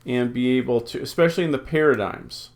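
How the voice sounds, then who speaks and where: A recorded Greek class is taught by a man with a mid-range voice, who slowly drills word forms, reads the rules out, and thinks aloud, dotting his speech with ums and uhs.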